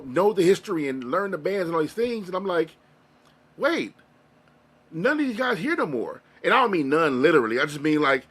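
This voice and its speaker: Casting: male interview guest, higher pitch, forceful bright tone, earnest and rambling. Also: husky. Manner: earnest, rambling, emotional storytelling with many restarts. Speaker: interview guest, music reaction creator. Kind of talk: casual interview conversation.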